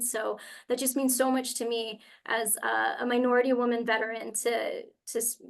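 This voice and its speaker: A woman's voice: fairly high pitch, vocal fry. Young woman telling a heartfelt personal story. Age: young adult. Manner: heartfelt and animated, with many fillers. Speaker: webinar panelist from a university career center. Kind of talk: personal story in a webinar panel.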